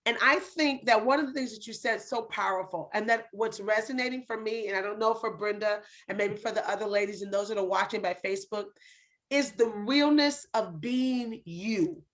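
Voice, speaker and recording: A woman's voice: medium pitch, moderate pace. A woman host giving an emphatic, faith-driven motivational talk in a preaching manner.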